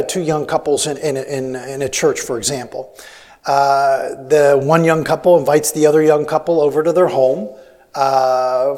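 A missionary preaches a sermon, telling stories in a rambling way and restarting often. His voice sits on the high side and is a little mellow, with long hall reverb on the recording.

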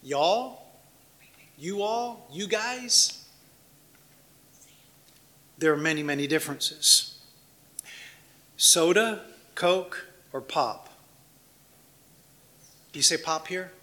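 A man from Washington, D.C. speaks to a congregation as a visiting missionary, in a relaxed anecdotal way. His voice sits high, with a bright, tense edge. He acts out short exchanges and keeps checking in with the listeners through questions. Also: drawn-out words, pauses often. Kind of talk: conversational church talk.

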